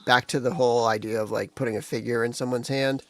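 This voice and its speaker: A man's voice: medium pitch, steady tone, fast talker. A man on a livestream video call, reflecting in a loose chatty way. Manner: reflective, many "like" fillers. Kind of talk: casual chat.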